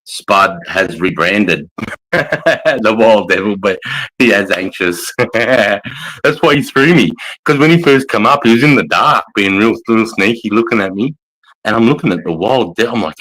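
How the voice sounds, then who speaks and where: A blunt Australian man with a fairly low voice rambles through army stories on a casual livestream. His talk is thick with swearing and asides to the viewers, and he keeps it relaxed and unpolished. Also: unhurried, rough recording. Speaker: army veteran streamer.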